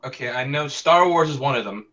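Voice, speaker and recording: A man contestant with a bright, rather high voice talks fast, musing out loud as he works toward each answer. His voice comes through dull and lo-fi. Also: lively intonation. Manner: fast, thinking aloud. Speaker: trivia contestant.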